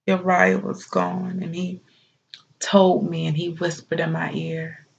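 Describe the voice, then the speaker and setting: Bathsheba, slow gravelly grieving wife, as a woman plays her. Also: lowish voice, flat delivery, full character voice. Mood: sorrowful. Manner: slow, soft-spoken, tearful. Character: grieving young biblical wife and mother. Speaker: monologue performer. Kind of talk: dramatic biblical monologue. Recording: dull lo-fi recording.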